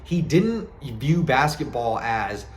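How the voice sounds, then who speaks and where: A young sports video creator gives a casual tribute monologue to camera, earnest and rambling, correcting himself as he goes. His medium-pitched voice is very animated yet slow, with slight background noise.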